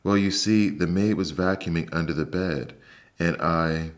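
A man's voice: low voice, normal speed, close to an everyday voice. A man voicing a young male mouse who talks hesitantly and apologetically, in a storybook reading. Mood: miserable.

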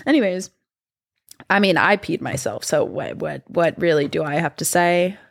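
A woman's voice: sits low, moderate pace, vocal fry. A young woman casually telling a long rambling story to her viewers, full of fillers and asides. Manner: chatty and rambling, lots of fillers, animated voices in quotes. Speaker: vlogger.

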